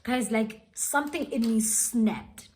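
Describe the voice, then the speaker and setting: A woman's voice: on the high side, slow, darkish tone. A young woman telling a dramatic storytime vlog, switching languages as she goes. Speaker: vlogger. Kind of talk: storytime vlog, casual chat.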